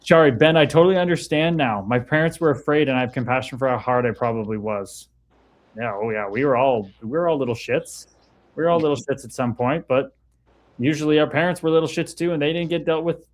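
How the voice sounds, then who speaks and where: A man's voice: medium pitch, a little fast. A man hosting a casual livestream, talking candidly and reading viewer comments aloud. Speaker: livestream host reading chat.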